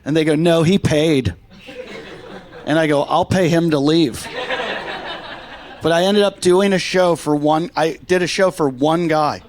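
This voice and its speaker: Man, stand-up comedian, high pitch, deadpan storytelling, club stage, handheld mic. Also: moderate pace. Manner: deadpan storytelling, dropping quietly into quoted lines.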